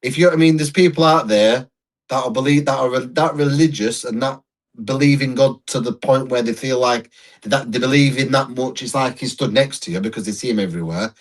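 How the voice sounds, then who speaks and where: A man's voice: mid-range voice, a little fast. Rambling man telling anecdotes. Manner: rambling anecdotes with restarts, laughs at own stories. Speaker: podcast co-host. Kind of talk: casual chat, storytelling.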